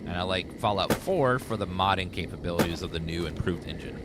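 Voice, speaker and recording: Chatty male streamer over loud game audio. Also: deep voice, fairly quick, heavy background noise. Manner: rambling, chatty, talks to chat. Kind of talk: casual let's play commentary. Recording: game sound loud underneath.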